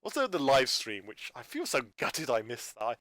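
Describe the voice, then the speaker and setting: A man's voice: mid-range voice, wildly swooping pitch, moderate pace, a bit bright, no echo. A man talking in an unscripted rambling monologue, stumbling and restarting his sentences as he rants in exasperation about a video channel. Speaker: YouTuber reviewing a channel.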